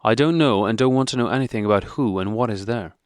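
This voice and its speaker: A man's voice: lowish voice, fast talker, no room sound, clean studio sound, natural voice. A man reading an audiobook, voicing a young wife who pleads and protests indignantly. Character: young wife, upset and insistent.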